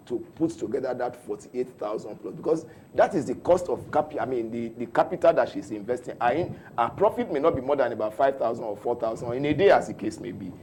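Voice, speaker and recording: A middle-aged Nigerian man with a Nigerian English accent, a company spokesman explaining policy in a measured radio interview. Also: mid-range voice, mellow, a little hiss or hum. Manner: measured, explanatory, many restarts. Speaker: head of corporate communications, studio guest.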